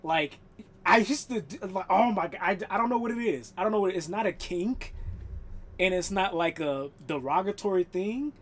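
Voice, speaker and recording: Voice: medium pitch, lively intonation, normal speed. A live streamer chatting casually while gaming, rambling and swearing, laughing often.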